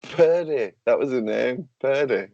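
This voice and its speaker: A man's voice: mid-range voice, animated, unhurried, gravelly, mellow, no echo, lo-fi sound. A man hosting a casual podcast chat, loose, sweary and joking. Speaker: podcast host.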